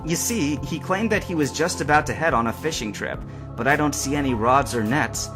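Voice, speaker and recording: A man reading a storybook voices a calm, observant teenage boy who questions coolly. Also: a little high, a little fast, over music, voice pushed up, natural voice. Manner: calm, probing, dry.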